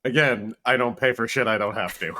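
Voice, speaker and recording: A man co-hosting a podcast, telling stories in an animated, casual way and laughing often as he cuts in on his partner. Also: mid-range voice, moderate pace. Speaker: podcast co-host. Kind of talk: casual storytelling chat.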